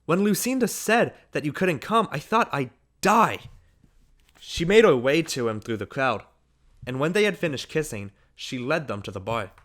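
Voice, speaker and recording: Reading a literary short story aloud for an audiobook, this male narrator keeps a steady, unhurried pace. His pitch is medium and his tone fairly bright.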